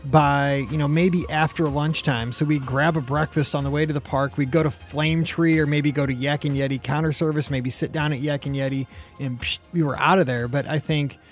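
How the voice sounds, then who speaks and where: A man's voice: fairly high pitch, steady tone, a little fast, faint music behind. A man hosting a casual podcast chat, upbeat and joking, with rambling asides. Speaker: podcast host.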